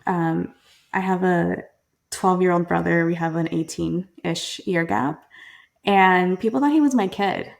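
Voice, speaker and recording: A woman's voice: fairly low pitch, a little slow, creaky. A young woman telling her story as a podcast guest, earnest and candid, often restarting sentences and acting out family members as she quotes them. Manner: earnest, frequent restarts and "like", quoting family in lively voices.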